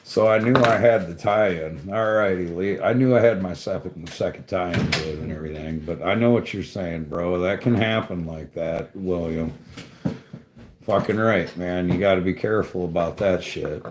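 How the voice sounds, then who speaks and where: Brief: casual, profane man, low voice, unhurried rambling delivery, roomy echo on the recording. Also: noisy background. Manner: profane, rambling storytelling with frequent "bro" and "dude". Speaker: tree climber talking to a live chat. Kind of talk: casual chat. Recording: echoey room.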